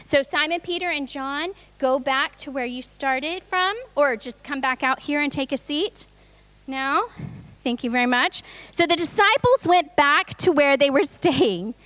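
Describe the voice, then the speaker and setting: A woman's voice: high voice, sharp tone. A woman leading a children's Easter reenactment in a church, upbeat and coaxing as she directs the kids into place. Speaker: children's presentation leader.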